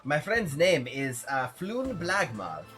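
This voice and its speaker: Casting: man doing a pompous theatrical wizard storyteller, loud and grand, in a tabletop game. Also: on the high side, very animated, slow pace, soft background music, pitched above the performer's own voice, heavily acted. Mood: grandiose. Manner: theatrical, fumbling with many fillers. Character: flamboyant male wizard chronicler, showy and eager.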